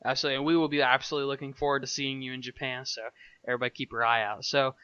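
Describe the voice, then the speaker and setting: Upbeat male host, bright crisp voice, dry slightly dull-sounding recording. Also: medium pitch, little pitch movement, rapid-fire, no echo. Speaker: podcast host. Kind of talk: interview.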